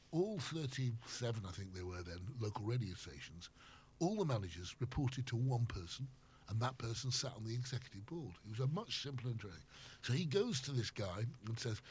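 A man's voice: fairly low pitch, slightly rough. An older man, a former radio host, chatting as an interview guest and telling rambling anecdotes. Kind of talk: casual chat. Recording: slightly muffled with faint noise.

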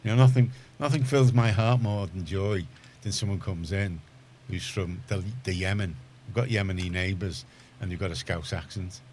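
A deep-voiced middle-aged man with a Liverpool accent chats on a community radio show. He rambles and restarts his sentences, then gets emphatic on points he cares about. A light background hiss sits under the studio sound. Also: normal speed, hardly any pauses, a little mellow. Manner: rambling, self-correcting, gets heated and emphatic. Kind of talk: casual radio chat.

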